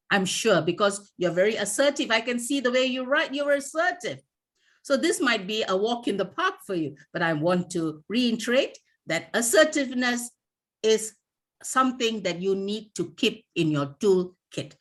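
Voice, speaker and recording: Animated woman trainer. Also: a little high. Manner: animated, acts out little scenes with quoted voices. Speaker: workplace assertiveness trainer. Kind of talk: online workshop coaching. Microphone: video call.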